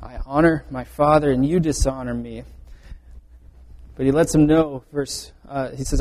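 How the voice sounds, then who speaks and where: A man's voice: mid-range voice, steady tone, normal speed, a little mellow. A man preaching a sermon, explaining verse by verse in an earnest way and often restarting his phrases. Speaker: pastor. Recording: reverberant hall.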